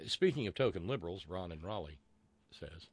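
A man's voice: sits low, expressive, fairly quick, darkish tone, breathy edge, no room sound. A man hosting a call-in radio talk show, chatty and rambling with many fillers and restarts, and wry asides.

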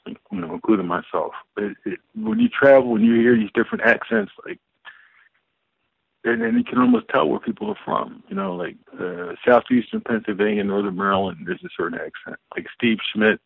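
A man in a casual radio conversation, talking in halting bursts with lots of restarts and excited curiosity, heard over a phone line. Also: mid-range voice, vocal fry, slightly rough, no echo.

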